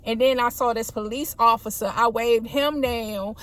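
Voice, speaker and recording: A woman's voice: fairly high pitch, fairly even intonation, normal speed. A woman police officer telling work stories in casual chat, acting out radio calls in a raised voice. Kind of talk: casual storytelling.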